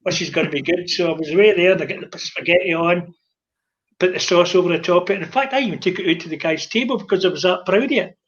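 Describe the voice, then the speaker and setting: Lively older Scottish man telling stories. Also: high voice, fast, highs cut off. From Scotland. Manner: animated anecdotal storyteller, acts out dialogue. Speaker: guest, former publican. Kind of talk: casual chat storytelling.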